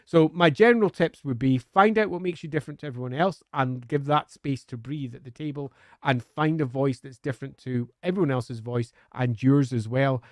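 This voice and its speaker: A man's voice: medium pitch, no echo, studio quality. A man on a live stream answering viewer questions in a chatty, upbeat way, with frequent hesitant fillers.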